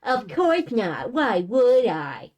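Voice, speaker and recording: A woman voicing a proud, fierce young female assassin, reading her lines aloud with a sharp, mocking delivery. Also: medium pitch, expressive, moderate pace, lightly acted. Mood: teasing.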